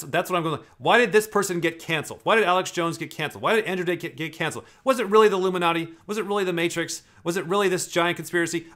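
Fast, bright-voiced man ranting. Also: a little high. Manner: swearing, rambling, animated. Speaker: host. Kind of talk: casual commentary.

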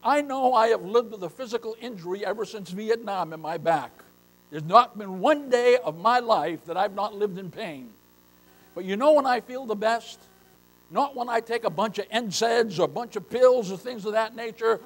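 An older man preaching a sermon as pastor, emphatic, often addressing listeners as beloved, rising to loud bursts. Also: sits high, normal speed.

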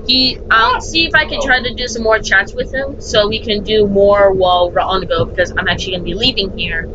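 A man's voice: high voice, a little fast, dull audio. A young man chatting casually and rambling while playing a game with a friend. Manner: chatty, rambling, laughing often. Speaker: gaming channel host. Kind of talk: casual gaming chat with a friend. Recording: noisy home recording.

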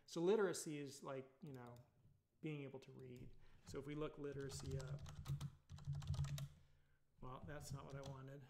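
A man's voice: medium pitch, steady tone, moderate pace, creaky, long pauses, heavy background noise. A man with a Californian accent giving a casual recorded college lecture, rambling with many fillers and tag questions. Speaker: college instructor.

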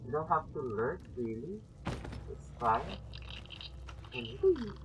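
A man streaming a game, chatting casually with viewers, excitable with sudden yelps, his voice slightly muffled by a mask. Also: mid-range voice, measured pace, background noise. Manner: excitable, greets chat viewers by name, bursts of yelps. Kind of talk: casual live-stream chat while gaming.

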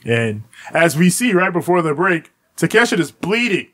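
A man's voice: high-pitched, sing-song, normal speed, pushed and bright. A man co-hosting a casual wrestling podcast, recapping a show and acting out the wrestlers' lines with frequent laughter. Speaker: podcast co-host.

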